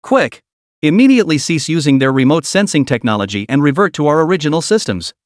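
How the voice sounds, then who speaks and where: A man's voice: a little high, sing-song, fast, no room sound, studio quality. A man voicing a scheming foreign male leader who gives urgent orders. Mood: frantic. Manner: urgent commands.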